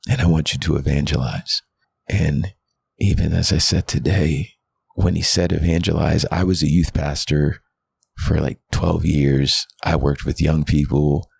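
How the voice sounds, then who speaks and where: A pastor in his thirties speaks with an exceptionally deep voice that has a heavy fry. The tone is husky and rough around the edges. He tells his story earnestly and from the heart, on a podcast mic. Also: little pitch movement, unhurried, darkish tone, dry recording. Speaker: guest pastor. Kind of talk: candid personal testimony.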